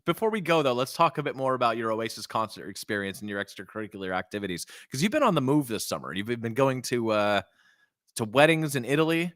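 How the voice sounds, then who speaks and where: A man's voice: mid-range voice, sing-song, fast talker, fairly bright tone, no room sound, clean studio sound. An American man co-hosting a casual football podcast, joking and ranting with animation. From United States. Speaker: podcast co-host. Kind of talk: casual chat.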